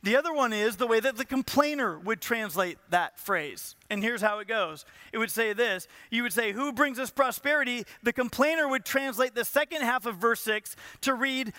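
A man's voice: very high voice, normal speed, sharp tone, no room sound. A man from Southern California preaching a sermon as a pastor, telling a personal story and acting out pleading prayers.

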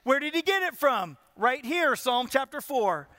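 High, bright-voiced preaching pastor. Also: male voice, sing-song, a little slow, dry recording. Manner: preaching with rising intensity and rhetorical questions. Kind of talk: sermon.

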